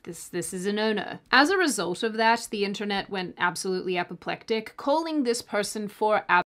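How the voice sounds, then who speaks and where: A woman's voice: mid-range voice, expressive, fairly quick, fairly bright tone. Sarcastic woman delivering scripted commentary. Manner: sarcastic, mock-apologetic asides. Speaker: online commentator.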